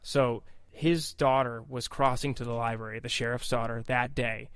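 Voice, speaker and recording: Energetic man explaining to hosts. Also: mid-range voice, moderate pace, clear, resonant tone, dry recording. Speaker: podcast guest, book expert. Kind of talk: casual podcast chat.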